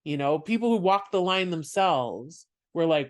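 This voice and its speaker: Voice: medium pitch, expressive, unhurried. Chatty podcast host telling a story. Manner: chatty, storytelling, laughs often. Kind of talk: casual chat.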